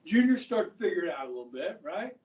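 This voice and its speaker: A man's voice: sits high, very animated, quick pace, a little mellow, distant mic, muffled recording. Chatty middle-aged male teacher, echoey classroom. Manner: chatty, joking, keeps checking in with the class. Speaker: high school history teacher. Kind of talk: classroom lecture. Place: school classroom.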